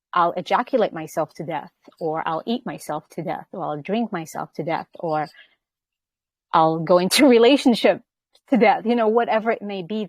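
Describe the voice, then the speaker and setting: A woman's voice: lowish voice, dry recording. A woman hosting a spiritual conversation, explaining earnestly and often checking in with "right?" as she talks. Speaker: podcast host.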